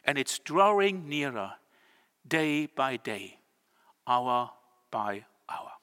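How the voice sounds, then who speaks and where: Male preacher, earnest, drawn-out emphasis; bright, forceful tone. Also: mid-range voice, big pitch swings, clean tone. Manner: earnest, slows words for emphasis. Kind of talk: sermon. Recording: long church reverb.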